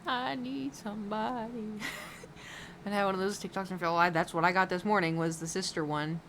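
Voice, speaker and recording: A woman's voice: on the low side, fairly even intonation, fast talker, a bit bright, a little hiss or hum. A woman streamer chatting casually while painting, rambling with lots of fillers and giggles.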